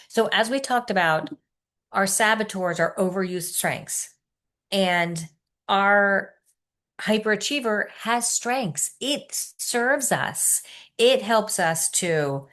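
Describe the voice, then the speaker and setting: A coach in her fifties with a lowish voice leads an online workshop, speaking earnestly and encouragingly. She eases into a soft, slow guided reflection.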